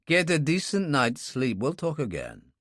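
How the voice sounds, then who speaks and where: A man reading an audiobook, voicing a calm, guarded man who speaks low and measured. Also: no echo, studio quality, full character voice.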